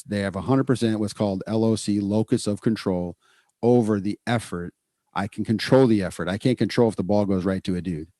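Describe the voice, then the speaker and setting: A middle-aged man co-hosting a podcast in casual, energetic chat, repeating words for emphasis. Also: fairly low pitch, no echo, clean studio sound. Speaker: podcast co-host, psychologist.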